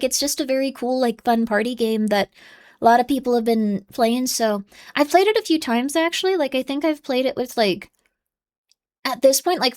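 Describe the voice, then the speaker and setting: Bubbly high-voiced woman streamer. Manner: bubbly, playfully scolding, shifts into whispers. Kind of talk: casual live-stream chat.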